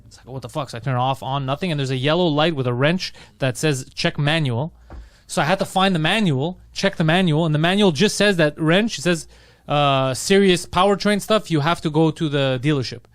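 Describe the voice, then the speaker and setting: A man's voice: on the high side, dry recording. A man telling a long frustrated story in casual chat, swearing a lot and acting out what other people said. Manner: fast animated storytelling, heavy swearing, acts out other people's lines. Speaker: podcast co-host.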